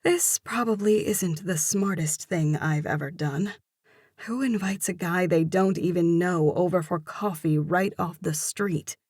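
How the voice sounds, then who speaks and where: A woman narrating a romance novel in first person with steady storytelling. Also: on the low side, measured pace, breathy edge, no echo, clean studio sound. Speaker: audiobook narrator.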